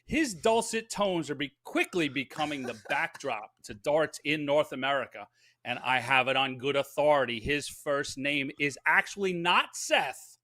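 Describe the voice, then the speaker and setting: A man's voice: fairly high pitch, lively intonation, moderate pace, pushed and bright. A man hosting a casual podcast, upbeat and chatty with plenty of fillers. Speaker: podcast host.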